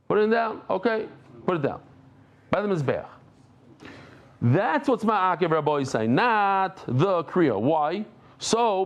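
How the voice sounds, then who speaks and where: A middle-aged man giving a daily Talmud lesson to a live group, talking in quick bursts, breaking off mid-thought and bantering with listeners. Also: on the high side, highs cut off. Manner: lively, jumps between thoughts, self-interrupting. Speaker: Talmud teacher.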